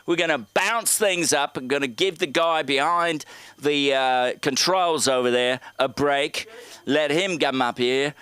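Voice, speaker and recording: A man hosting a comedy show, delivering dark jokes deadpan with halting phrasing, speaking into a handheld mic on a club stage. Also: fairly high pitch, clear, resonant tone, dry recording.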